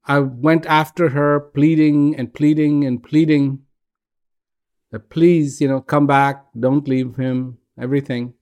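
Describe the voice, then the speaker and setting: A man's voice: on the high side, fairly even intonation, takes it slowly, a little mellow. A man voicing a despairing man at a bar, telling his troubles in a rambling, pleading way.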